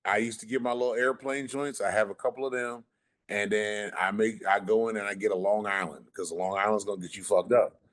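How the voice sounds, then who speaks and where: A man's voice: lowish voice, steady tone, fairly quick. Laid-back man telling a story on a podcast. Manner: laid-back, profane storytelling that drawls at times. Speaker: podcast host. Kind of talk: casual chat.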